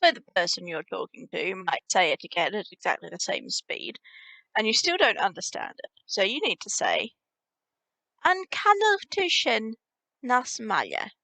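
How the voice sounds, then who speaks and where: A woman teaching a spoken language lesson casually, repeating example phrases slowly and clearly for learners to practise. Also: fairly low pitch, very animated, bright, forceful tone, dry recording.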